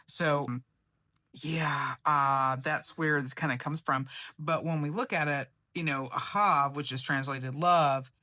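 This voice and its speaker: A woman's voice: deep voice, fairly even intonation, slow pace, pushed and bright, no room sound, studio quality. Chatty woman preacher teaching Bible. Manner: chatty and playful, with slang asides. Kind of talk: casual Bible lesson to camera.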